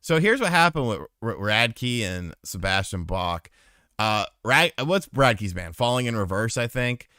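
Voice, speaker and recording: A man's voice: fairly low pitch, unhurried, clear, resonant tone, no echo, studio quality. A man hosting a podcast aftershow, telling a profane story in casual chat and answering viewers. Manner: animated, profane anecdote telling, reads live chat.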